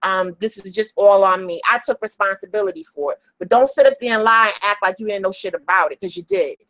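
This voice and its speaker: Angry woman streamer calling out critics; heated and profane, mid-pitched, dry close mic. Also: fast talker, fairly bright tone, dry recording, rough recording. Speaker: livestreamer addressing critics. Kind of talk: angry livestream rant.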